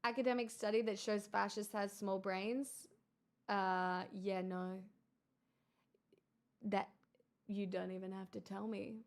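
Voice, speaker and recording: A woman's voice: mid-range voice, little pitch movement, takes it slowly, long pauses. A woman hosting a casual livestream, chatting with viewers, thanking them in an exclamatory, wry way. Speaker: livestream host.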